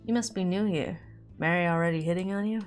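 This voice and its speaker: A brooding, gruff bad boy from a dating game speaks low and clipped, as a woman reads him out. The delivery is dry and short, with faint music underneath. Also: fast talker, close to an everyday voice.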